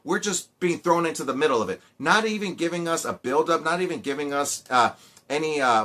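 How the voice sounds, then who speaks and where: A man reviewing a film in a loose, rambling way, tripping over restarts and fillers and sounding fed up. His voice sits a little high for a man and has a bright, forceful edge. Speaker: movie reviewer. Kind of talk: casual spoken review.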